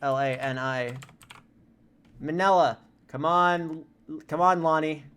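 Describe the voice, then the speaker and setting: Young male streamer, joking and sidetracked, slightly high and bright; desk mic at home, keyboard clacks behind. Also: slow pace, clear, resonant tone. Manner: chatty, joking, easily sidetracked. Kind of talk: casual live-stream commentary.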